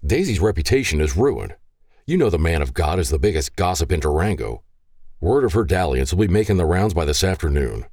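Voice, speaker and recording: A man's voice: deep voice, big pitch swings, brisk, darkish tone, no room sound, clean studio sound. A man voicing a furious, protective father who speaks in a stern, commanding growl.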